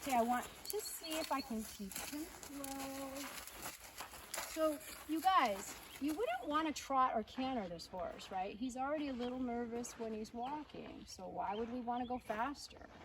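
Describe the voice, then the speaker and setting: A woman's voice: high voice, expressive, moderate pace, noisy background. Woman vet coaxing a horse outdoors. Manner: coaxing the horse with soft baby talk, then explaining to viewers. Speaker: holistic veterinarian and horse trainer. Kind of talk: outdoor riding tutorial. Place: outdoors at a rural horse farm. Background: birds and outdoor ambience.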